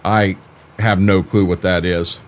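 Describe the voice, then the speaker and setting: A man's voice: low voice, flat delivery, measured pace. Laid-back older man, folksy stammer. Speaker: farming game streamer. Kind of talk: casual live-stream chat.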